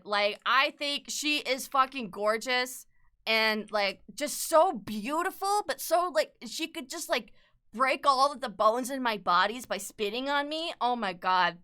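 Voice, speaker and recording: A young adult woman chatting casually on an art livestream, excitable and gushing, swearing freely and laughing often. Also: high-pitched, a little slow, clear, resonant tone. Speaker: artist livestreamer. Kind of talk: casual chat while drawing.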